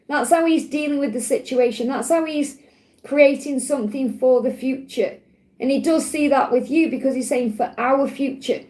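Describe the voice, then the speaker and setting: A tarot and angel card reader from England with a Stoke-on-Trent accent gives a gentle card reading on a live stream, answering viewers. Her high-pitched voice comes through a low-quality recording, and she's reassuring and chatty, often restarting her sentences.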